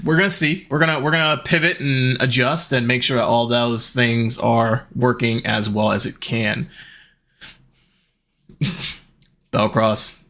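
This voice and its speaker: A man's voice: medium pitch, bright, forceful tone. A man, chatting casually with viewers on his live stream, laughing often and greeting chat.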